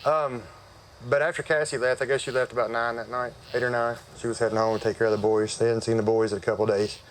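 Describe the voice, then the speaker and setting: A man's voice: mid-range voice, level tone, quick pace, slight background noise, rough recording. Folksy man giving testimony. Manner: folksy and conversational, with frequent fillers. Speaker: church member giving testimony. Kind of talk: personal testimony, storytelling. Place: outdoor worship service.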